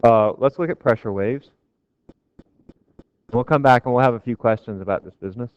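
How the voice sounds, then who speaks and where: A man's voice: medium pitch, moderate pace, clean tone. A man giving a physics lecture to a class, casual and joking with his students. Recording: dull, dry lecture recording.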